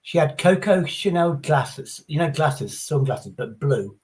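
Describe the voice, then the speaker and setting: Speaking in a slightly high, animated voice, an English streamer in middle age takes his time as he hosts a casual livestream chat. He's blunt, rambling and sweary, with crowd noise and faint background noise audible.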